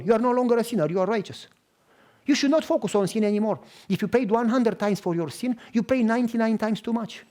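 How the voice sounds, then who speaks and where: A man from Romania, a pastor telling a story in a sermon and acting out the dialogue. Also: sits high. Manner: animated, acts out dialogue.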